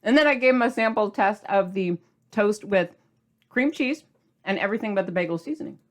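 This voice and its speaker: A woman's voice: mid-range voice, lively intonation, a little fast. Bubbly middle-aged female cooking host, casual and effusive. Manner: bubbly, gushing, chatty; talks while eating. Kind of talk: casual cooking demo chat.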